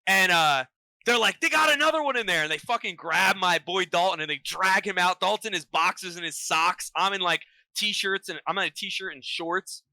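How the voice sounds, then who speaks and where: A man chatting casually as a podcast guest, telling a story with lots of profanity and slang and plenty of excitement. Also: high voice, normal speed, no room sound, rough recording.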